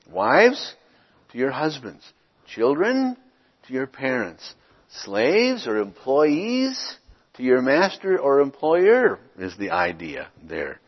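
A middle-aged male pastor preaching from the pulpit, reading scripture slowly before unpacking it in plain, informal talk. His voice has a breathy, husky edge, and it carries a long reverb from the church around him on a dull, muffled recording. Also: mid-range voice. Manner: reads scripture deliberately, then explains in an informal, conversational way. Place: church sanctuary.

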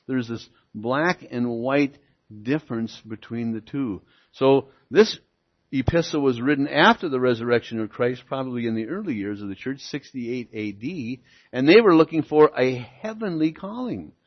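Lo-fi male preacher teaching scripture. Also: mid-range voice. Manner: teaching, asks the congregation "okay?" and "see?"; slows and stresses key words. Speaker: pastor. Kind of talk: sermon. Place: church. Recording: lo-fi church recording.

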